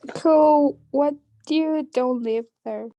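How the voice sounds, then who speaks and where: A scatterbrained teen girl in class, as a man puts her on, pitched way up in a squeaky falsetto. Her tone stays soft and mellow rather than bright, and she gasps and trips over her words. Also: slow pace, dry recording, lo-fi sound, full character voice. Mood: breezy. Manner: gasping, scatterbrained. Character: flustered teen girl student, valley-girl airy. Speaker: student.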